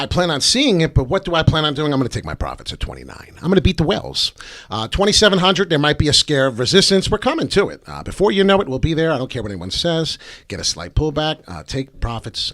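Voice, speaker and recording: A man's voice: mid-range voice, a bit bright, no room sound, clean studio sound. Brash hyped-up male crypto streamer. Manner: hyped, brash, profane, heavy on filler ums. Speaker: crypto trading livestream host. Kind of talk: live market commentary.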